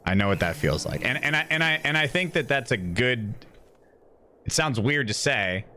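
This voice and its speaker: A man talks casually to his stream, rambling and candid, tripping over restarts and swearing freely. His voice sits in a middle pitch. He speaks close to a desk mic. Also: expressive, normal speed, bright, forceful tone, a little hiss or hum. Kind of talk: casual chat.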